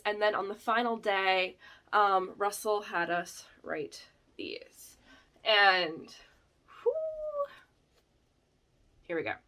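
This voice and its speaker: Bright, animated woman telling a story. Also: on the high side. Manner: animated, filler-heavy, laughs often. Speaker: vlog host. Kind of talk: casual storytelling.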